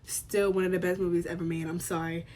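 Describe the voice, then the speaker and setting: A woman's voice: fairly low pitch, flat delivery, fast, over loud music. A young woman from the United States chatting casually to camera about what she has been watching, emphatic and given to repeating herself. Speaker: vlogger.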